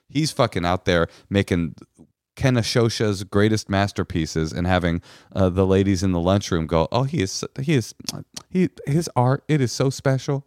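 A man's voice: on the low side, darkish tone, no room sound, clean studio sound. A man co-hosting an advice podcast, talking bluntly and emphatically and swearing freely. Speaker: podcast co-host giving advice. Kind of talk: casual advice chat.

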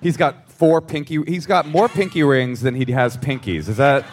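A man's voice: mid-range voice, normal speed, a little hiss or hum. A man co-hosting a live comedy podcast on a theater stage, trading dry, wisecracking asides. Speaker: podcast co-host.

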